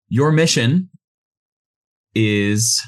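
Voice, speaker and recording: A man narrating a tabletop game as game master, relaxed and loose, with frequent ums. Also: medium pitch.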